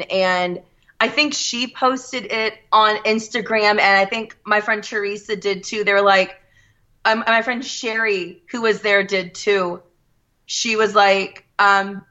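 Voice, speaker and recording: A woman in her thirties telling a story in a casual chat, animated and quoting people as she goes. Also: medium pitch, lo-fi sound. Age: 30s. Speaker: guest.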